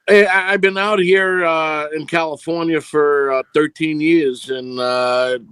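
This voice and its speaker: A man with a New York accent, a film producer guest on a video call, speaking in a measured way with many pauses and uh's. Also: on the high side, fairly even intonation, a bit bright, clean tone, dry recording. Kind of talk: casual interview chat.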